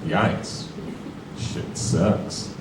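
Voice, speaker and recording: In a very noisy comedy club, a man in his forties from Brooklyn performs stand-up extremely slowly, his talk profane, conversational and full of rhetorical asides. The far mic captures an echoey room and the live audience laughing.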